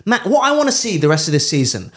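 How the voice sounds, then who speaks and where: Joking podcast co-host man, lively pitch. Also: fast, husky. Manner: jokey, does playful voices of drivers. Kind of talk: casual comedic chat.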